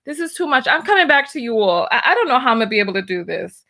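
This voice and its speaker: A woman hosting a reaction video, flustered and stammering as she pauses and sorts out her audio. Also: a little high, big pitch swings, gravelly, sharp tone. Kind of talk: casual reaction commentary.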